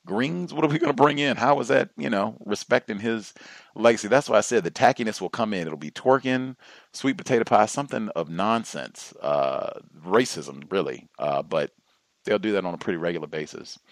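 A man hosting a call-in radio show, speaking in a measured way that often trails off with pauses. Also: fairly low pitch, no echo. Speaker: host.

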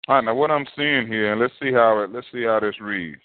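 A man's voice: lowish voice, brisk, no room sound. A man preaching a sermon, telling a story in a loose, conversational way and acting out the people in it. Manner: conversational, animated storytelling with acted quotes. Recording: dry, tinny phone-like sound.

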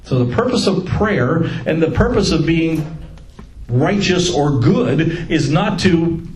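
A man leads a casual Bible study, joking with his group. His voice sits a little high and swings widely in pitch. The room is echoey, with a faint hum of ambience behind him. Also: slow pace. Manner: joking, animated, laughs at own lines.

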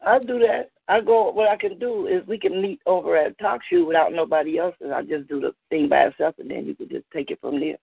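A woman's voice: fairly low pitch, brisk, vocal fry, hardly any pauses, slightly rough, no room sound. A woman poet at an open mic chatting on a call in a laid-back, slangy way and laughing easily. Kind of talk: casual chat on a call. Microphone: phone. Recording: tinny phone line.

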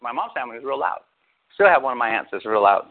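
Talking fast with big pitch swings, a male pastor delivers a sermon to his congregation full of rhetorical questions. His voice is medium in pitch, and the audio has a narrow, phone-like quality.

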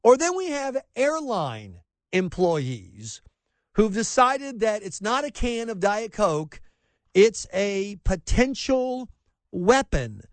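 Radio host, male: sarcastic and exasperated, high voice that swings wildly, dry close sound. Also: very animated, takes it slowly, no echo. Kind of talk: talk radio monologue.

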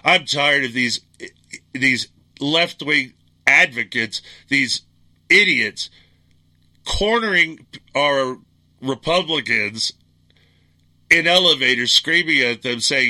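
A man's voice: medium pitch, expressive, slow, long pauses, sharp tone. A middle-aged man hosting a political talk radio show, ranting in a blunt, angry, combative monologue.

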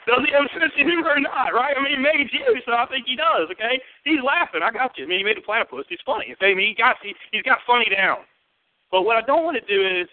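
A man with a Southern US accent preaching a sermon to his church, lively and joking in a conversational way. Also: high voice, no room sound. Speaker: pastor. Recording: tinny, phone-like and dry.

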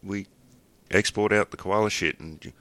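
This is an Australian man with a very low voice and a bright, forceful edge to it. He chats as a podcast guest, joking around and laughing often. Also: moderate pace, no room sound. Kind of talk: casual joking chat.

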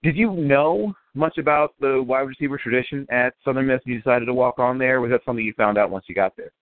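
A man's voice: medium pitch, fast, dry recording. A male radio host interviewing football prospects, asking long, winding questions that restart often. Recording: phone-line call.

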